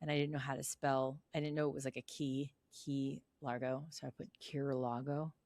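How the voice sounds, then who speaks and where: A woman's voice: a bass voice, flat delivery, a little fast, a little mellow, no room sound. A woman in her forties, chatty and laughing, reading from her old diary with her sisters on a podcast. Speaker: podcast co-host. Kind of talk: casual chat, reading old diary entries.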